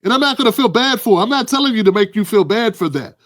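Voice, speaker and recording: A man's voice: high-pitched, expressive, fast, a bit bright. A man hosting heated political commentary, blunt and emphatic with profanity.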